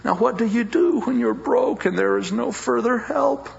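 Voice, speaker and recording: A man's voice: extremely high pitch, normal speed, creaky, lo-fi sound. A male preacher delivering a sermon to a congregation, drawing out phrases for dramatic emphasis. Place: church service with a congregation.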